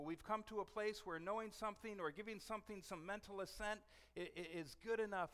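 A middle-aged male pastor preaching a sermon in a conversational, animated way, often restarting his sentences. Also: high-pitched, clean tone. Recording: long reverb of a church hall.

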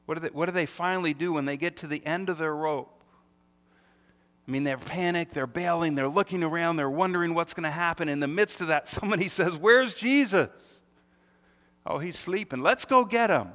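A man's voice: a little high, a little fast, fairly bright tone. A man preaching a sermon as pastor, with emphatic rhetorical questions and acted-out quotes. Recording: reverberant hall.

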